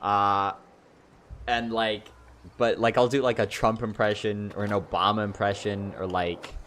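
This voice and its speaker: A man's voice: on the low side, little pitch movement, a little slow, fairly bright tone. A young man chatting casually on a livestream, rambling and filling his talk with "like" and "you know". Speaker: streamer.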